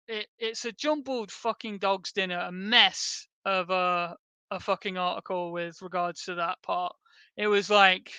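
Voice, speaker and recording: A British man talks through a sweary, meandering rebuttal on his stream, often breaking into laughter. His voice is bright and crisp. The recording is close and dry. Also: sits high, no echo. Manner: profane, rambling, laughs often. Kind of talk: casual livestream rebuttal.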